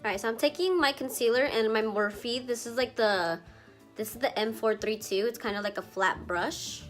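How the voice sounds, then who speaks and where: A young female beauty vlogger narrates a chatty makeup tutorial, sounding a little congested from allergies. She talks at normal speed in a fairly high pitch, using lots of filler words and some casual swearing, with soft music in the background.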